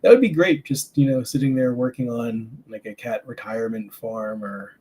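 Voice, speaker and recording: A man talking in a casual chat, easygoing and a little hesitant, pausing and restarting as he thinks aloud. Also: mid-range voice, dark tone, breathy edge. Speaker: band member.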